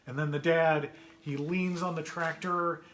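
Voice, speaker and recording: A man reading his own picture book aloud to children, chatty and gentle, pausing to point out pictures and ask questions. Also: steady tone. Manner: puts on brighter higher voices for characters' quoted lines. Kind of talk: read-aloud story time for children.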